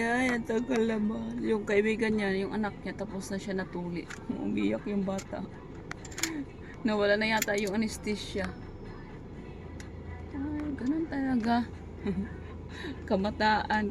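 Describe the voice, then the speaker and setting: A young Filipino mother vlogs casually with her children outdoors near a clinic, coaxing and scolding her toddler while they wait, mixing Tagalog and English. Her medium-pitched voice is fairly even and moderately paced, with long pauses, background music, and noisy passing traffic.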